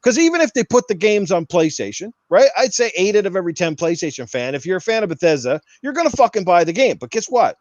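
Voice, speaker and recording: A man's voice: sits high, big pitch swings, fast, hardly any pauses, dry recording, highs cut off. A man hosting a podcast, ranting with heavy profanity and mocking the people he argues against. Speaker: podcast host. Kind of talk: heated casual podcast rant.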